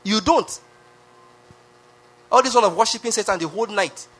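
A Nigerian-accented pastor preaching a sermon with emphatic repetition, often asking the congregation questions. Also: male voice, high-pitched, moderate pace, fairly bright tone, slightly rough. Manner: emphatic, repeats phrases, asks the crowd questions.

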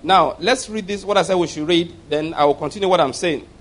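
Male pastor, fairly high-pitched, emphatic and repetitive sermon delivery. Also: a little fast, a bit bright. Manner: emphatic, repeats and asks the audience to follow. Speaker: preacher.

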